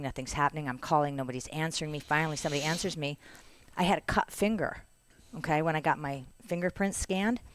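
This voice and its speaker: A middle-aged woman from Canada, a podcast guest, telling an animated story in casual chat and acting out the voices of others. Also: low voice, dry recording.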